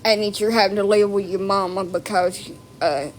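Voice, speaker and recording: A woman's voice: medium pitch, steady tone, moderate pace, slight background noise. A woman delivering a blunt, profane, mocking rant to camera. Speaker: vlogger. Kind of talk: ranting monologue.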